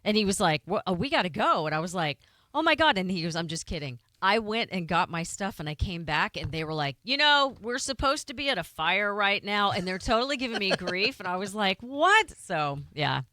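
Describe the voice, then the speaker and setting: A woman's voice: mid-range voice, expressive, sharp tone, no room sound, clean studio sound. An American woman co-hosting a radio show, chatting and telling playful stories. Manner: chatty, quick, playful storyteller. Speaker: radio co-host. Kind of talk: casual radio chat.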